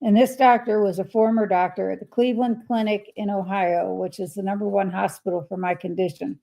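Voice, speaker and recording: A woman's voice: medium pitch, steady tone, fairly quick, vocal fry, low-quality recording. An older woman hosting a casual livestream, reading viewer comments aloud and replying to them in a chatty way. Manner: chatty, reads messages aloud and replies warmly. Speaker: livestream host.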